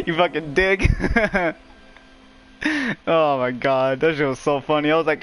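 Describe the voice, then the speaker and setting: A man's voice: high voice, moderate pace, faint music behind. A young man streaming a game live, chatting casually with friends, swearing and laughing often. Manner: profane, laughing, excitable banter. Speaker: livestreamer. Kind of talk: casual gaming livestream chat.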